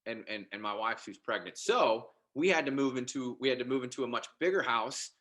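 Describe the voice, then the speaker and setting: Male guest, forceful bright tone, animated, stumbles and restarts, casual story. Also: mid-range voice, brisk. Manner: animated, with frequent restarts and repeated words. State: married father. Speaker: podcast guest.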